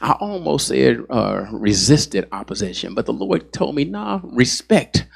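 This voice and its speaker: Gravelly preaching man, "yes, Lord" asides. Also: mid-range voice, sing-song, moderate pace. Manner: peppers speech with "yes, Lord" and "hallelujah". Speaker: pastor. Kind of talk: sermon.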